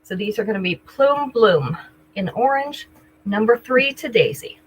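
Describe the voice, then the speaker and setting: Her voice is a little high, expressive, slightly slow and a bit rough, captured on a rough recording. She's an older woman selling jewelry live, chatting casually, naming viewers as she greets them and describing every item.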